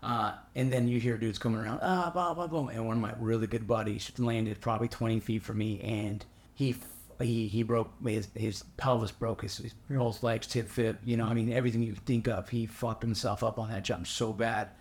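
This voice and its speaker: A man hosting a podcast, telling his own army stories in a casual, animated and profane way. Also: fairly low pitch, a little fast. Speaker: podcast host. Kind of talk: casual chat.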